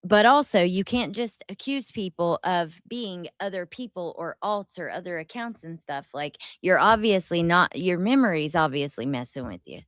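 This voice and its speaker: A woman's voice: lowish voice, expressive, moderate pace, few pauses, dry recording. A woman hosting a casual commentary stream, laughing a lot, swearing freely and rambling as she reacts. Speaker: streamer host. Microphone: headset.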